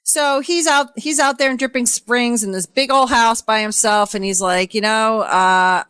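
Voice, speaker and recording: A woman co-hosting a podcast, recapping a reality show in rambling, profane casual chat and slipping into quick impressions of the people on it. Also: a little high, fairly bright tone, clean tone, no echo. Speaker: podcast co-host.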